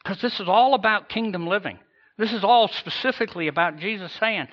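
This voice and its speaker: A man's voice: high voice, brisk, a bit bright, muffled recording. A man preaching a sermon with emphasis, rising and falling in intensity and acting out imagined voices. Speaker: pastor.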